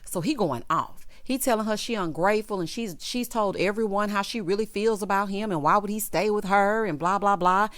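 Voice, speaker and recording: A woman's voice: mid-range voice, brisk, hardly any pauses, a bit bright, dry recording. Woman vlogger, opinionated and sassy, mid-range voice, dry close sound. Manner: sassy, opinionated, acts out quotes in character. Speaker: reality TV recap vlogger. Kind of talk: casual recap commentary.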